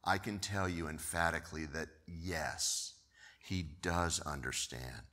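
Lively male preacher with a bright edge. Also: extremely low pitch, slow pace, in a large hall. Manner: animated storytelling with repeated words. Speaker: pastor. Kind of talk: sermon.

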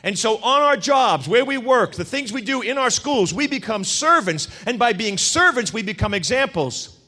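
A man preaching a sermon, telling stories with acted-out quotes and a lively, punchy delivery. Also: very high-pitched, moderate pace. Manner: animated storytelling with acted quotes. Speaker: pastor.

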